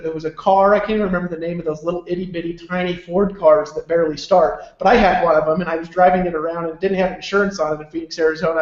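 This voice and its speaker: High-voiced man telling a chatty story. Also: echoey room, muffled recording. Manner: keeps asking "right?" for agreement; loose and chatty with many fillers. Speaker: webinar presenter. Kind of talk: motivational storytelling.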